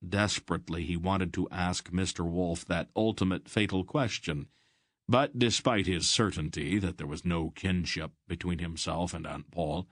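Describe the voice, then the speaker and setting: A man narrating a fantasy audiobook in an even, measured storytelling voice. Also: low-pitched, dry recording, clean studio sound.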